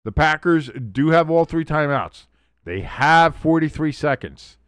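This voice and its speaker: Man, streamer host: rowdy, cursing play-by-play with sudden shouts and low asides, dry close-mic sound. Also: a little slow, clear, resonant tone, no room sound. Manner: excitable, profane, swings from yelling to muttering asides. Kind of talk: live game watch-along commentary.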